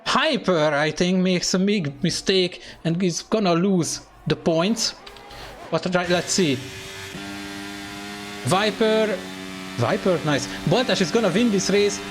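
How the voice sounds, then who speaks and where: A man commentating an online sim racing event, excitable and hesitant, with phrasing and lots of fillers. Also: high-pitched, takes it slowly, background noise. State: out of breath. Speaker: race commentator.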